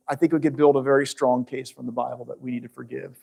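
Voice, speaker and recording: A man's voice: medium pitch, fairly even intonation, fast, creaky, hardly any pauses, warm tone. A man giving a conversational Bible teaching to viewers at home, asking the audience questions and restarting phrases as he goes.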